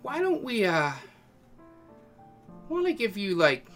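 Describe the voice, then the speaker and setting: A gruff old fight boss, loud and blustery, as a man puts him on in a tabletop game. The voice sits higher than the narrator's own, with a pushy, bossy edge. Faint guitar plays underneath. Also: wildly swooping pitch, a little slow, heavily acted. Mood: scheming. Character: gruff fit older male fight boss.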